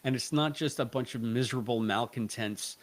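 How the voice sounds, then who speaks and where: A man's voice: medium pitch, a little fast. A man co-hosting a podcast, giving a rambling, analytical episode review and often correcting himself mid-sentence. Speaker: podcast co-host. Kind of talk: casual review chat.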